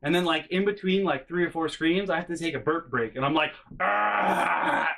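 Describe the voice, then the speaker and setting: Animated, bright-voiced male storyteller. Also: fairly high pitch, fast. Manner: animated, profane, self-mocking. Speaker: vlogger. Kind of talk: comedic storytelling.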